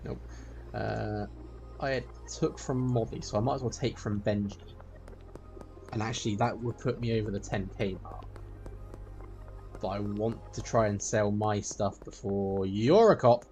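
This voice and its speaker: Over game music, a streamer with a lowish voice gives unhurried let's play commentary, leaving long pauses and chatting to the game's characters as he goes.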